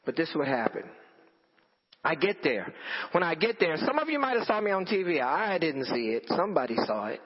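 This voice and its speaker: A man preaching a storytelling sermon to a congregation, animated and repeating phrases for emphasis. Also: on the high side, a little fast, slightly rough. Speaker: pastor. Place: church in front of a congregation. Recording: dull lo-fi audio with long hall reverb.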